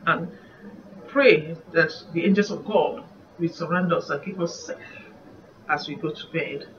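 A woman's voice: low voice, measured pace. A woman evangelist with a Nigerian accent, giving an earnest, reflective devotional sermon. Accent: Nigerian English. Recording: muffled distant recording, faint background noise.

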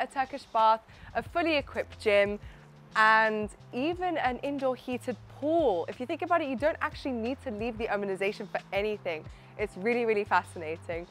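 A woman's voice: on the high side, a bit bright, a little hiss or hum. A young woman presenting a walkthrough tour of a townhouse, chatty and enthusiastic, speaking straight to the viewer as she walks through the rooms. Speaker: real estate presenter. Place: inside a townhouse and on its rooftop terrace.

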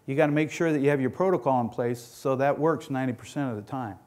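A man's voice: medium pitch, fast, a little mellow. A middle-aged man who owns a dairy farm gives a conference presentation, telling stories in a folksy, rambling way, often restarting and repeating words. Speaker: dairy farm owner giving a talk.

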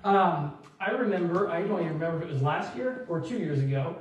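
Animated man preaching in an echoey church. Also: on the high side, fast, muffled recording. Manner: animated storytelling, acts out quotes, laughs along. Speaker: pastor. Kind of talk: sermon with personal story. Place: church sanctuary. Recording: very echoey church hall, distant mic.

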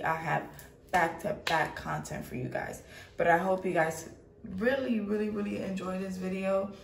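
A woman's voice: fairly low pitch, gravelly, slight background noise. Chatty young woman vlogging on her phone. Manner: chatty, blunt and candid, uses slang. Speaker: travel vlogger. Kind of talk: casual vlog talk to camera. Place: hotel room.

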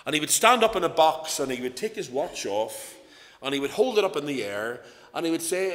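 Bright-voiced Northern Irish lay preacher. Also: male voice, a little high, big pitch swings, fairly quick. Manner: earnest, storytelling, rising and falling emphasis. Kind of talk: sermon. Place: church. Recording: echoey church hall.

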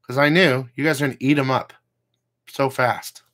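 A man's voice: mid-range voice, steady tone, normal speed, a bit bright. Guy ranting about comics to his viewers, swears a ton, rambles off on tangents. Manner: blunt, swears constantly, rambling asides. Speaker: comic book channel host. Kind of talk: casual profane rant to viewers.

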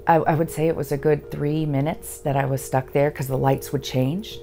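A woman veteran giving a halting, earnest personal testimony. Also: low-pitched, fairly even intonation, warm tone, faint music behind. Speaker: veteran sharing her story.

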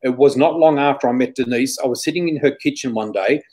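A middle-aged man with an Australian accent speaks as an interview guest, sitting at a typical middle pitch for a man. He tells his stories in an animated, rambling way, restarting sentences as he goes. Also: fast, rough recording. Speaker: guest psychic. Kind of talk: storytelling in an interview.

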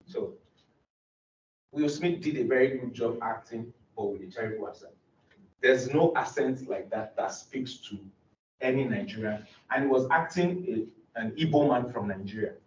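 A man's voice: medium pitch, normal speed, a little mellow, a little hiss or hum. Young man presenting research in an echoey room. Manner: earnest, explanatory, frequent restarts. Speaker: doctoral student presenting research. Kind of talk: academic conference presentation. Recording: roomy, distant, dull lo-fi recording.

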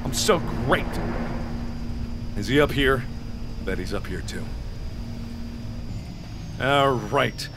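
A man giving excitable let's-play commentary, taunting the game and breaking into shouts and mock-dramatic rants. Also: mid-range voice, takes it slowly, pauses often. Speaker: gaming commentator. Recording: clear background noise.

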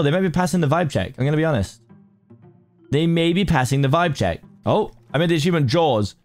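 A man giving excitable, chatty commentary while playing a Minecraft modpack, talking to himself and his viewers with sudden jumpy exclamations. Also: a little high. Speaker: gaming YouTuber. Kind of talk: casual Minecraft let's play commentary.

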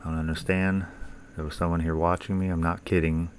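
A man's voice: low-pitched, flat delivery, fairly quick, a little hiss or hum. A young man casually commentating a horror game, joking, swearing and talking back to the characters. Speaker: gaming YouTuber.

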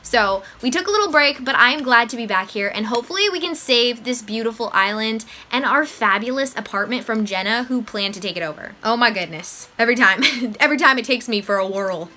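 A woman's voice: on the high side, expressive, brisk, sharp tone, slight background noise. A young woman giving bubbly, giggly gameplay commentary as a vlogger. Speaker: gaming vlogger. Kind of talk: gameplay commentary with read dialogue.

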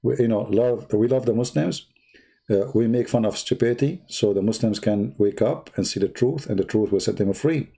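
A man hosting a livestream, retelling a story in a mocking, animated way and speaking broken, non-native English. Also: normal speed, husky. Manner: mocking, animated storytelling with big pitch swings. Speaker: livestream host. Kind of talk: casual livestream commentary.

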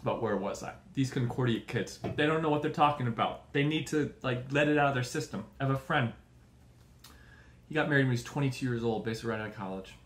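A comedy podcast host with a medium-pitched voice talks fast in a roomy-sounding space. He rants crudely and profanely, rambling and mocking, and acts out other people's voices.

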